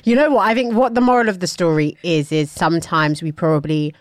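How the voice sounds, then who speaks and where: Low-voiced woman, casual chat. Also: brisk, no room sound, clean studio sound. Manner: relaxed, encouraging reactions. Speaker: podcast co-host.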